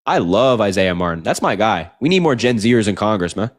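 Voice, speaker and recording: A man's voice: on the low side, big pitch swings. Earnest young man ranting on a livestream. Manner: earnest, repetitive, fast rants with filler "like". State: tired late at night. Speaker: political livestreamer. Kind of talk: late-night livestream talk, reading chat.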